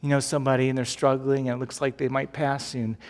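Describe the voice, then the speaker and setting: A man's voice: mid-range voice, flat delivery, fast, a little mellow, in a large hall. A male pastor preaching a sermon with a repetitive, building cadence.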